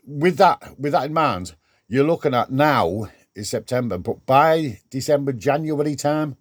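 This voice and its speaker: A man's voice: mid-range voice, darkish tone, no echo, clean studio sound. An older man vlogging from his garden shed workshop, rambling chattily with restarts as he talks to camera. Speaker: DIY vlogger. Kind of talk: casual vlog.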